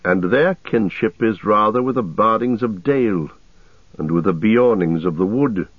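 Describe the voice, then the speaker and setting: A weary but steady ranger leader, as a male reader voices him, low, calm and measured, grave in every word. Heard thin and tinny through a dry, phone-like radio sound. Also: husky, dry recording.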